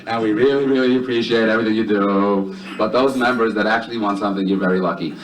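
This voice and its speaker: Distant comedian telling a story. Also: male voice, on the low side, fast talker, slight background noise. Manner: animated, switches between character voices. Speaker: comedian at a charity event. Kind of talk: stand-up storytelling. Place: event hall. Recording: distant mic with faint room ambience.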